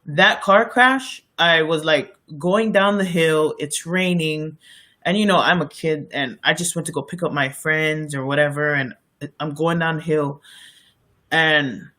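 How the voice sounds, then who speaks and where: A man's voice: on the high side, pushed and bright. A man co-hosting a podcast, telling stories in a rambling, casual way with many fillers and restarts. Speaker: podcast co-host. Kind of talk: casual storytelling chat.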